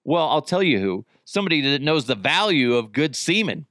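A man's voice: fairly high pitch, very animated, fairly quick, a bit bright, no room sound. A man hosting his own podcast in casual solo chat, crude and joking, often poking fun at himself. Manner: crude, joking, self-mocking. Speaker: podcast host.

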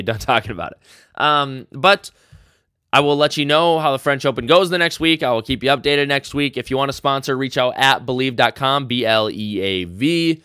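A man's voice: mid-range voice, pushed and bright, clean tone, no echo, clean studio sound. A man hosting a solo sports podcast, ranting passionately. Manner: passionate, fired-up rant. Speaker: podcast host.

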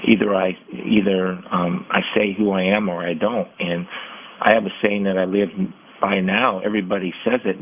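A middle-aged man telling personal stories in an interview, earnest and halting, often restarting his sentences. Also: low voice, creaky, slight background noise. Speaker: guest, former football player. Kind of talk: candid interview storytelling. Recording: tinny phone-like audio.

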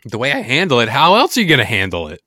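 Young guy podcast cohost, bright tone, rambly jokey chat. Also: mid-range voice, wildly swooping pitch, very fast, no echo, studio quality. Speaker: podcast co-host. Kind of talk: casual podcast chat and read ad.

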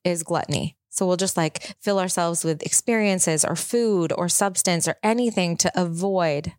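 Woman in her thirties, podcast host, low voice, dry close sound, chatty and reflective. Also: moderate pace, darkish tone, no echo. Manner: reflective storytelling, chatty and open. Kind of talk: casual chat.

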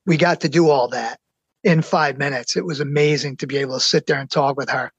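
Earnest middle-aged man, excitedly storytelling. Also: a little high, slightly rough, dry recording. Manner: excited, earnest, slows down for emphasis. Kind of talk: personal anecdote.

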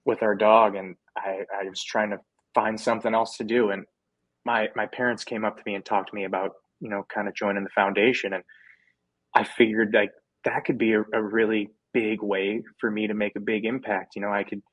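A young American man, a former ballplayer, chatting casually as a podcast guest, telling stories in a relaxed way with frequent restarts and slang. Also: lowish voice, brisk, no echo, muffled recording. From United States. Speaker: podcast guest, former minor league player. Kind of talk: casual interview chat.

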